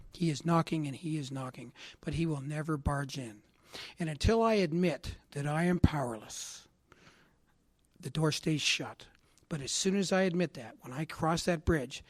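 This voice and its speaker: A man from Canada gives a recovery talk in a fairly high voice, heartfelt and earnest. He drops to near-hushed tones and then swells to loud emphatic lines. The sound is close and dry, with no room around it. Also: no echo. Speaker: recovery meeting speaker. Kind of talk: personal testimony talk. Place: assembly hall.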